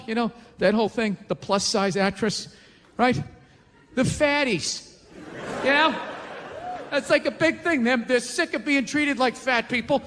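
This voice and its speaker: A male stand-up comedian ranting through a profane routine and shouting his punchlines. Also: high-pitched, normal speed, in a large hall.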